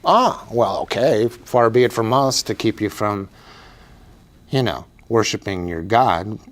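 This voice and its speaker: Exasperated male official played by a man, blunt, dismissive, lowish voice. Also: lively intonation, unhurried.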